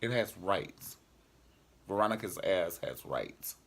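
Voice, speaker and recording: A man's voice: fairly low pitch, sing-song, moderate pace, fairly bright tone, breathy edge. A man casually reviewing a TV drama episode in a sassy, joking vlog style. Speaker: TV show reviewer.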